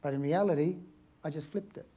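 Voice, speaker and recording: A middle-aged man from Australia speaks at a photography conference, an aerial photographer telling stories. His voice sits a little high, and his manner is chatty and anecdotal, turning to the audience with questions. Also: a little fast, warm tone, muffled recording. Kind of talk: conference talk to a live audience.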